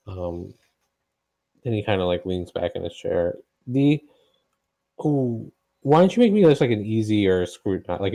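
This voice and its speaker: Guy game master running a tabletop game, relaxed and hesitant, dark gravelly voice. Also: lowish voice. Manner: relaxed, hesitant, many fillers.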